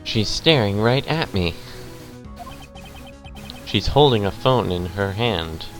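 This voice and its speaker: Slow, low-voiced man reading a game aloud. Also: faint music behind. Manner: reads the game text aloud in a flat voice, with quiet asides. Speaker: streamer. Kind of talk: casual let's-play narration.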